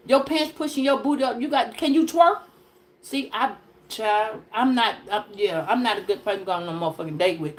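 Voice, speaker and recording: A woman with a high-pitched voice talks through a tarot reading in loose, comedic chat. She rambles, swears constantly and jokes her way from one card to the next. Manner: profane, rambling, joking. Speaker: tarot reader.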